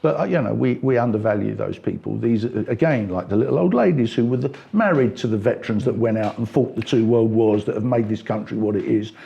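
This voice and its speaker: A middle-aged man from England, talking politics in an interview, getting animated and climbing in pitch as he makes his points. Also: fast talker, creaky, hardly any pauses, dull audio. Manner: animated, rising pitch when making points. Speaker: party member interviewee.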